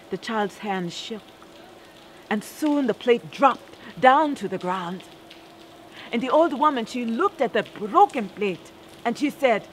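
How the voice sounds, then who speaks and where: A woman performing a spoken-word story with a deliberate, dramatic delivery and rhythmic repetition. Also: a little high, slight background noise, poor audio.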